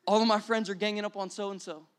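High-voiced, fired-up preacher man. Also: fast talker, clean tone. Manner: energetic, repetitive, building to exclamations. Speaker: pastor. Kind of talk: sermon.

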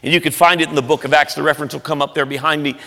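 A man pastor preaching a sermon in a church, earnest and emphatic, sometimes dropping soft. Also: on the high side, steady tone, very fast, gravelly. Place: large church sanctuary. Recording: echoey church hall.

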